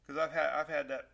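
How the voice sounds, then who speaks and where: A man's voice: a little high, gravelly, bright, forceful tone. A man hosting a casual weather livestream, rambling and upbeat as he chats with viewers. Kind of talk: casual live-stream chat. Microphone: new desktop microphone.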